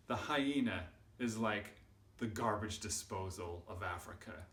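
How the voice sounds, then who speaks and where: A man telling a silly story to children, animated and exaggerated, building up to loud shouts. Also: on the low side, measured pace. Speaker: storyteller and channel host. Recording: roomy sound from a distant mic.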